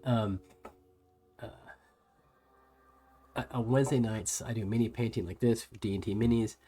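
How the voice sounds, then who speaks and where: A man with a soft US West Coast American accent, casually chatting with viewers on a livestream while painting miniatures. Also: on the low side, steady tone, moderate pace, husky. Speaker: livestream host.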